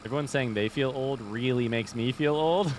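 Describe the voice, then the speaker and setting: Young man, Indiana accent, relaxed streamer thinking out loud at his desk mic, faint hum behind. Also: medium pitch, normal speed. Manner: thinks aloud, reads chat, chatty and easygoing. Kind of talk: casual live-stream chat while gaming.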